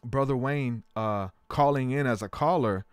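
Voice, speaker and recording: His voice is medium in pitch and smooth, moving at a moderate pace, recorded at studio quality with no echo. He's a podcast host chatting casually, spinning rambling stories full of fillers.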